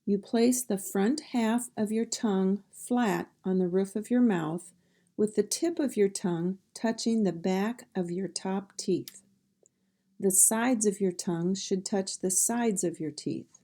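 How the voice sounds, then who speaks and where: A woman's voice: medium pitch, a little slow, warm tone. A woman teaching a phonics lesson, sounding out words one sound at a time and then saying each word whole.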